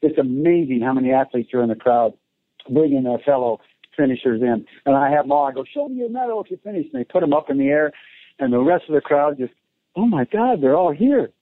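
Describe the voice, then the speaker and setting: A man's voice: medium pitch, fast, no echo. A man, a race announcer, telling stories in a casual interview, acting out voices and laughing often. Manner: animated storyteller, acts out voices, laughs often. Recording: tinny phone line.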